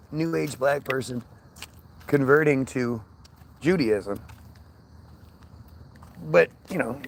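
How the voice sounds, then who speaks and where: A man's voice: mid-range voice, gravelly, slight background noise. A man ranting in a casual monologue, swearing often, with frequent stammers and restarts. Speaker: podcast host.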